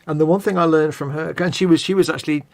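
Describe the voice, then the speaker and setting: Gravelly, chatty man. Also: a little high, fairly even intonation, fast talker, darkish tone. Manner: rambling, chatty, self-correcting. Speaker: co-host of a live stream. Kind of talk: casual chat, reading viewer comments.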